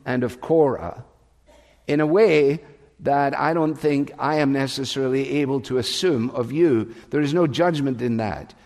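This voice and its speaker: Pastor preaching in a reverberant hall. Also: male voice, medium pitch, darkish tone. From England. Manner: storytelling, conversational asides. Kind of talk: sermon. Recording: long reverb of a large hall.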